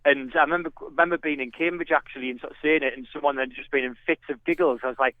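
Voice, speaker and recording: A man's voice: on the high side, steady tone, very fast, hardly any pauses, dry recording. A man with a Sunderland accent, a podcast guest chatting and explaining with lots of fillers, heard over a remote line. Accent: Sunderland (Mackem). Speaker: dictionary author guest. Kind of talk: casual podcast chat. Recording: tinny phone-like line.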